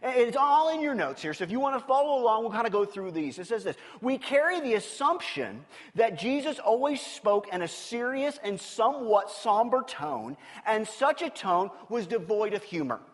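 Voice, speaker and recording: A male pastor preaching a sermon, animated and playful, telling stories and asking the congregation questions. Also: very high-pitched, moderate pace, few pauses. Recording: long reverb of a large hall.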